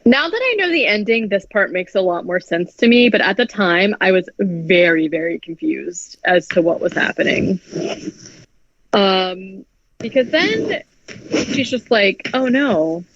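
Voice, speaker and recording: A woman's voice: medium pitch, sing-song, unhurried, a bit bright, no echo. Chatty woman recapping a film, dry lo-fi sound. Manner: chatty, heavy "like" filler, frequent swearing. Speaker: podcast co-host. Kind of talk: casual movie recap chat. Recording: dry, dull lo-fi podcast audio.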